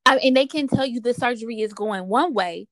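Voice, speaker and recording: High-voiced woman telling her story. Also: fairly quick, fairly bright tone, no room sound. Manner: emotional storytelling with frequent fillers. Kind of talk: casual conversation.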